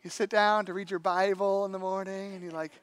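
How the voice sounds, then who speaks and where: A man preaching a sermon, telling a story in an animated, conversational way with acted-out quotes. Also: high voice, a little fast, clean tone. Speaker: pastor.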